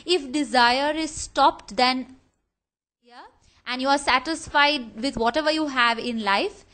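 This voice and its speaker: A woman's voice: high voice, a bit bright, poor audio. A woman teacher, explaining a history lesson patiently and speaking directly to her students.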